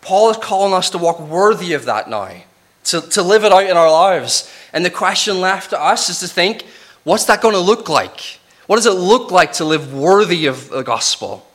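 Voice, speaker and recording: A man from Northern Ireland with a softened Northern Irish accent, teaching from the Bible in a chatty, conversational way. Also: high-pitched, animated, normal speed. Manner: conversational, chatty, with restarts and asides. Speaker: preacher. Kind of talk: casual Bible teaching sermon.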